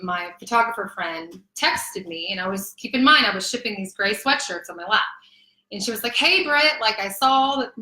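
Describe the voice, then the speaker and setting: A woman in her thirties, a guest telling a personal story in an earnest, emotional, animated way. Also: medium pitch, reverberant, rough recording. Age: 30s. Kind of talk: candid personal testimony in conversation.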